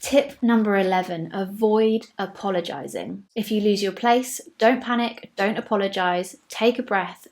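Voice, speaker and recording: Measured English woman coaching speakers. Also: medium pitch, darkish tone. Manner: clear, measured delivery with deliberate slowdowns on key tips. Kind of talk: scripted tips video to camera.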